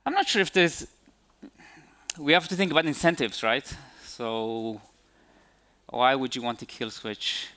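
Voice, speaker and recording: A man's voice: mid-range voice, measured pace, pauses often, sharp tone. A man answering audience questions after his conference talk, hesitant with many fillers and restarts. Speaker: conference speaker.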